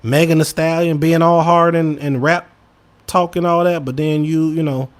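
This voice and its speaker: A man's voice: steady tone, moderate pace. Emphatic man. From Chicago. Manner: emphatic, swings between loud bursts and low mutters; talks straight to listeners, says y'all. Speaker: podcast co-host. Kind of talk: casual opinion commentary.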